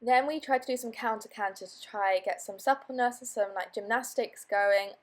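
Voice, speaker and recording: A young woman vlogging casually, her voice a little hoarse after being ill, talking in a chatty, bubbly way. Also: a little high, normal speed. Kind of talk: casual vlog chat.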